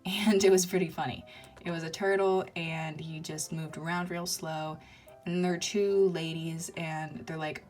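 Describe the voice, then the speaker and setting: A woman chatting casually about her unfinished toy videos, rambling with lots of ums and uhs. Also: sits low. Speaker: toy-figure video maker. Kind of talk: casual chat.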